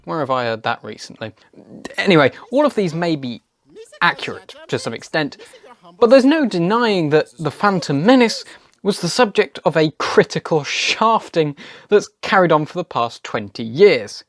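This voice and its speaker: A man's voice: a little high, sing-song, normal speed. A man narrating a scripted video essay in a wry, opinionated way.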